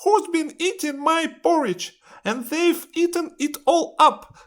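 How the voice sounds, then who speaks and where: A man voicing a tiny wee baby bear cub in a storybook reading, high and squeaky. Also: slow, a bit bright, heavily acted. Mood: upset.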